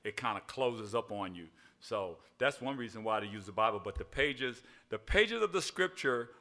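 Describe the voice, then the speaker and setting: A man's voice: on the low side, lively intonation, moderate pace, sharp tone. An older man preaching an evening sermon in a folksy way, spelling words out and asking "all right?" again and again. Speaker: pastor.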